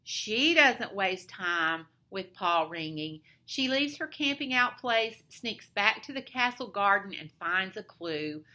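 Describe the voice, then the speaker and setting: A woman teacher reads a picture book aloud, her voice bright and high with a very lively rise and fall. She takes her time, drawing out each line slowly for young listeners. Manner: expressive storytime narration. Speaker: elementary school teacher.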